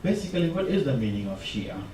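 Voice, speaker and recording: A man's voice: medium pitch, sing-song, fast talker, dark tone, a little hiss or hum. Impassioned man preaching in an echoey hall. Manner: impassioned, rising emphasis on repeated phrases. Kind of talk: sermon. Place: mosque hall. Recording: echoey hall, mic from far off.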